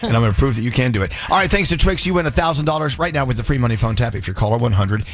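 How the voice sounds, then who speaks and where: A man's voice: mid-range voice, animated, rapid-fire. A man who hosts a radio show, joking his way through a live sponsor read. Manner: playful, joking. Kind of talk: casual chat and live ad read.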